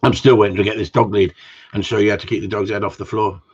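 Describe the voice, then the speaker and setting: Speaking fast in a lowish, breathy voice that barely shifts in pitch, a gundog trainer rambles through viewer questions with blunt answers and casual cursing. The casual Q and A has a dull, lo-fi recording quality.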